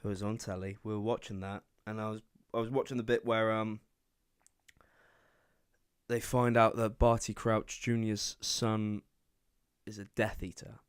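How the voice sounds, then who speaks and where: A man's voice: fairly low pitch, little pitch movement, unhurried, long pauses, smooth. A young man from England hosting his own podcast alone, chatting casually and rambling from topic to topic. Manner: rambling, chatty, self-deprecating. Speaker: podcast host. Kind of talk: casual solo podcast chat.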